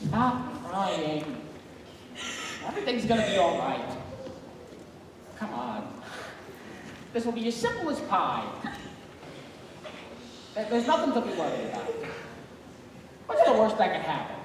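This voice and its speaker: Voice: mid-range voice, very animated, a little slow, long pauses. A student playing a grumbling old husband, echoey stage. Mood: scolding. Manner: bickering, blustery, sarcastic. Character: grumbling older married man, caterer, bossy. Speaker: student actor. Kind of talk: stage play performance. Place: school auditorium stage. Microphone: distant stage pickup. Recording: echoey hall from far off, noisy.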